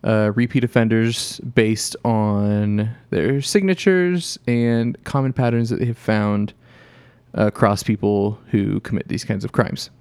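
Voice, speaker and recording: A man co-hosting a casual chat, explaining things haltingly with fillers and self-corrections. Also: fairly low pitch, darkish tone, clear, resonant tone, dry recording. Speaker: podcast co-host.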